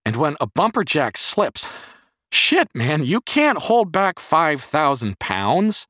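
A man voicing a frantic, paranoid adult man who has gone days without sleep, yelling and rambling in a strained voice. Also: wildly swooping pitch, moderate pace, husky, no echo, clean studio sound, exaggerated voice. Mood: furious. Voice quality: strained, shouting high voice.

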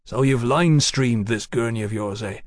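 A man's voice: medium pitch, moderate pace, dry recording, lightly acted. A man voicing a dry, skeptical male scientist in an audiobook, with a wry manner.

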